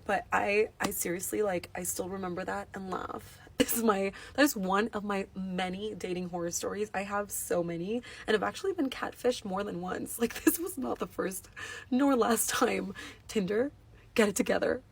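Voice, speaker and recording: Woman, casual story time, chatty, husky, mid pitch. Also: normal speed. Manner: chatty, laughs while talking, lots of fillers.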